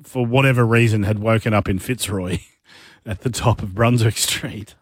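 An Australian man with a deep voice, co-hosting a radio show and telling a yarn in casual banter, slipping into gruff tradie voices. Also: steady tone, moderate pace, no echo, clean studio sound. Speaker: radio co-host.

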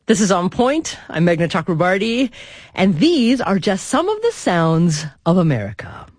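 A woman radio host speaks with an animated, lively pitch that rises and falls freely. Her delivery is articulate and expressive. The studio sound is close and dry. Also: normal speed, dry recording. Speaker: radio talk show host. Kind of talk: scripted radio introduction and interview. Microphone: studio microphone.

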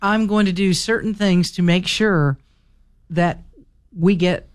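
A man's voice: sits high, steady tone, slow pace, clean tone, no echo, clean studio sound. A man co-hosting a casual political chat, agreeable and teasing in his interjections. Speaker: co-host.

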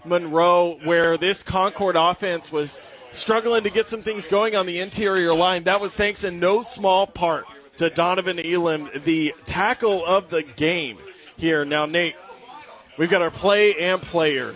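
Upbeat man calling a high school game. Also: measured pace, fairly bright tone. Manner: upbeat, joking, with verbal slips and self-corrections. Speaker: play-by-play commentator. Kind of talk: post-game sports commentary with sponsor reads.

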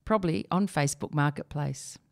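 A woman with a slightly low voice reads a humorous column aloud. Her delivery is wry and expressive, leaning playfully on the jokes. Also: fairly quick. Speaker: reader. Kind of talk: reading a humorous opinion piece aloud.

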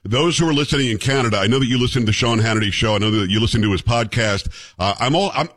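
A man hosting a talk show, animated and opinionated, often repeating words as he starts a sentence, in a general American accent. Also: mid-range voice, very fast. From New York. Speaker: radio and podcast host. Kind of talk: casual talk show banter and commentary.

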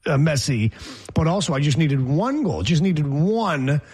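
Husky guy hosting sports talk, brash and rambly, kinda high voice. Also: animated, a little slow, darkish tone. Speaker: sports show host.

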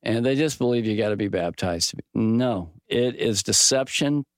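A middle-aged man teaching from the Bible in a relaxed, folksy way, mixing scripture with a personal sports story and lively quoted dialogue. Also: on the low side, moderate pace, dry recording, studio quality. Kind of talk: conversational Bible teaching with stories.

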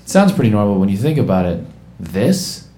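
A man's voice: on the low side, sing-song, brisk. A man doing an observational stand-up routine in a wry manner. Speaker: stand-up comedian. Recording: roomy club with loud crowd noise.

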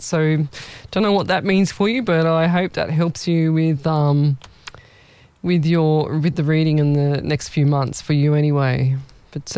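Chatty, higher-voiced male psychic. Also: clear, resonant tone, no echo. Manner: chatty, rambling, self-mocking with frequent laughs; warm familiar address. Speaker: psychic medium. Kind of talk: live psychic reading to viewers.

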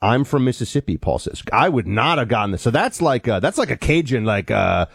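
A man's voice: medium pitch, brisk, creaky, husky, no echo. A man co-hosting a talk radio show, chatting casually and emphatically and reading ads. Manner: animated, emphatic. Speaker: co-host.

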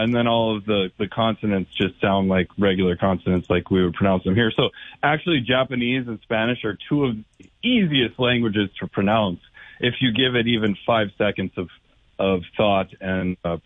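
A man's voice: lowish voice, moderate pace, no echo. A man calling in to a radio show, blunt and opinionated, lecturing with a lot of ums. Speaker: caller. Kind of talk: call-in conversation. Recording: phone line.

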